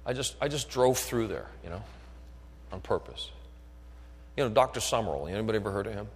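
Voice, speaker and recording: A man's voice: on the low side, animated, a little fast, breathy edge. A man preaching a sermon who keeps asking his listeners whether they are still with him. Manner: builds from quiet talk to shouted fervor. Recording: long echo of a hall.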